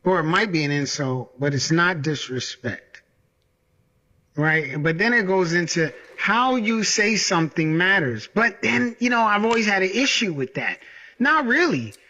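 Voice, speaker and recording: A man's voice: high-pitched, expressive, measured pace, sharp tone, muffled recording. A man talking casually in a vlog, repeating his points and tagging lines with "right?". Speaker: vlogger. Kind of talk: casual monologue to camera. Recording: roomy echo.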